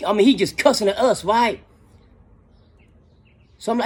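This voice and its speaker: A man's voice: high voice, normal speed, breathy edge. A middle-aged man telling a casual story in slangy talk, often adding "you know what I'm saying".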